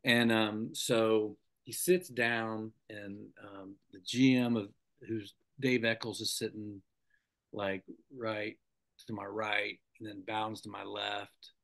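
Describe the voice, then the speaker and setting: Lively middle-aged man telling stories. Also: on the low side, takes it slowly, gravelly. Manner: animated anecdote-telling, acts out the people he quotes. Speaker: guest, former TV sports anchor. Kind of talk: casual storytelling in a podcast interview.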